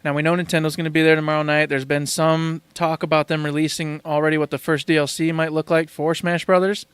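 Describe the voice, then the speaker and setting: A man co-hosting a casual gaming podcast, excitable and speculating with lots of laughs. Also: fairly high pitch, quick pace, clear, resonant tone, dry recording. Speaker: podcast co-host.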